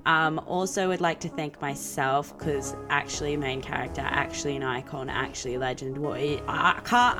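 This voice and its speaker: Podcast host, early twenties, Australian woman, low-pitched, excitable and crude comic delivery. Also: moderate pace, hardly any pauses, over music. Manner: excitable, chaotic, swears a lot, swings into silly voices. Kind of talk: casual chat.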